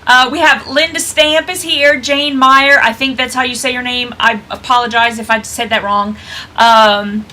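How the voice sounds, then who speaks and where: Lady co-hosting a book stream, bright voice, laughs a lot. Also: a little high, fairly even intonation, moderate pace. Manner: chatty, laughs often, reads out attendee names. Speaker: book club livestream co-host. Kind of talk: casual chat.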